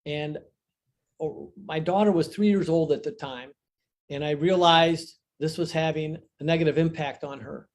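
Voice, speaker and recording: On a video call that sounds like an interview, an older man who is a divorce author and coach tells a personal story as a guest. His somewhat high voice stays steady at a normal speed as he speaks earnestly and reflectively, leaning hard on key phrases.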